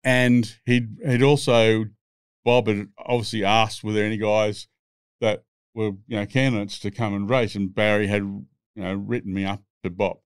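A man's voice: lowish voice, flat delivery, normal speed, smooth, dry recording, clean studio sound. A man, telling rambling, swear-filled stories as a podcast guest. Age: 60s. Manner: profane, rambling anecdotes. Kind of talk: casual storytelling.

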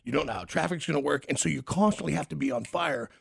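A man's voice: on the high side, very animated. A man hosting a morning radio show, chatting casually and reflecting on travel. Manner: gravelly, chatty, quick. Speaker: radio host. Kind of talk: casual chat. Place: radio studio.

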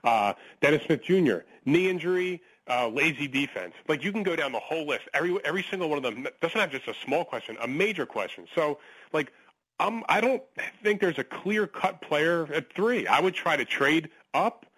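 A man calling in to a sports radio show, animated and opinionated, often stumbling over his words. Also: fairly high pitch, normal speed, breathy edge, low-quality recording. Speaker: caller.

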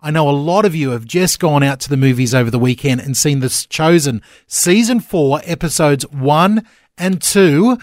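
Man co-hosting morning radio, loose rambling banter, voice a bit higher than most men, dry close studio mic. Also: lively intonation, normal speed, no echo. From Australia. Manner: chatty, laughing, rambling with fillers. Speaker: radio co-host.

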